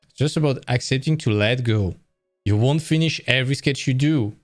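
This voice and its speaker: Brief: tired male art-stream host, mid-pitched voice, loose rambling chat, faint music behind. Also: normal speed. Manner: rambling, self-correcting, conversational. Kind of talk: casual live-stream talk.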